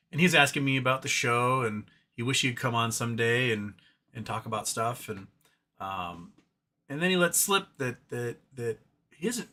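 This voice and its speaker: A man's voice: mid-range voice, pushed and bright. A man hosting a casual live stream, reading chat comments aloud and rambling between them, often talking to his cat. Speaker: livestream host reading chat.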